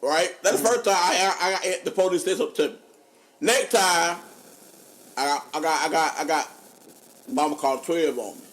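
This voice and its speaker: A man, a podcast co-host telling funny stories in casual chat, animated and laughing often. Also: brisk, long pauses. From North Carolina. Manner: animated, laughing often, drops low for quoted voices. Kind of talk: casual storytelling.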